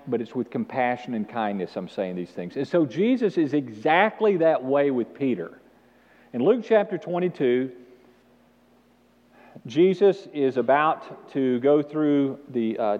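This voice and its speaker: A male pastor preaching an animated sermon with call-and-response to the congregation in a church. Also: medium pitch. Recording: dull sound with long hall reverb.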